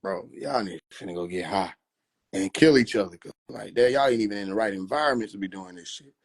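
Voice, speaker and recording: A man's voice: on the low side, quick pace. A man chatting casually on a phone livestream, loose and profane, laughing often. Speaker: livestream host.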